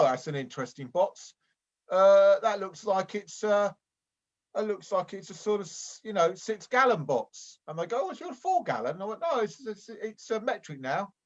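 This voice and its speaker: A man plays a lonely, well-meaning amateur boxer who rambles and stumbles through every thought. His voice sits high and earnest. The audio is dull and lo-fi, from a video call. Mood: rambling. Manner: hesitant and rambling, full of restarts. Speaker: improv performer. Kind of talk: improvised comedy sketch.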